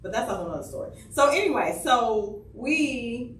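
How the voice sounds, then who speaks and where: A woman's voice: on the high side, animated, moderate pace, fairly bright tone, a little hiss or hum. A woman from Chicago on a comedy podcast, talking casually and laughing often in an offhand way. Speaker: podcast co-host. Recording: roomy sound, mic at a distance.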